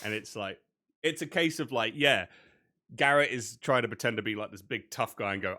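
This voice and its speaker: A man's voice: on the low side, normal speed, sharp tone. A young man co-hosting a casual podcast, who laughs often and retells scenes with energy. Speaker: podcast co-host. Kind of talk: casual chat.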